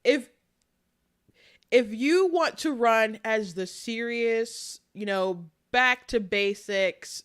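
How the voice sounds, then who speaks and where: A young adult woman hosting casual political commentary, talking chattily with quick asides and frequent laughter. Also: medium pitch, fairly bright tone.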